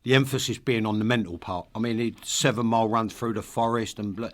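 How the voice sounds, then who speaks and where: A man's voice: lowish voice, steady tone, a little fast, fairly bright tone. A middle-aged man from East London with a London accent, a podcast guest telling blunt, sweary stories with frequent laughter. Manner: blunt, sweary storyteller who laughs a lot. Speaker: podcast guest, former football manager. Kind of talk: casual chat.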